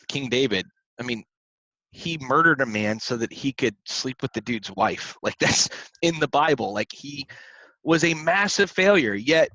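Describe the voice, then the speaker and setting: A man's voice: medium pitch, a bit bright, no echo. Young man co-hosting a faith podcast: earnest, rambling, lots of restarts; dry, slightly muffled sound. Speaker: podcast co-host. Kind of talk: casual faith talk.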